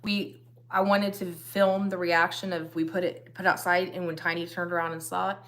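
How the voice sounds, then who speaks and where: A woman's voice: on the low side, flat delivery, normal speed, fairly bright tone. A middle-aged woman co-hosting a casual live stream with her husband, chatty, laughing often and trailing off mid-sentence. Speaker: co-host of a couple's live stream. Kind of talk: casual chat.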